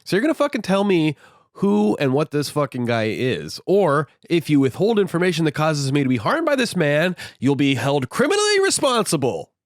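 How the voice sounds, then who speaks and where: A man's voice: on the low side, moderate pace, no room sound, clean studio sound, close to an everyday voice. A man voicing an exasperated young male sailor who rants indignantly and swears a lot. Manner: ranting, profane, indignant.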